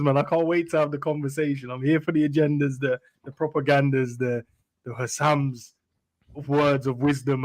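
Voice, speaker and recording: A man joining a casual stream by video call, greeting the host with energetic, playful pushback. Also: a little high. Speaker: guest. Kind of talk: casual chat.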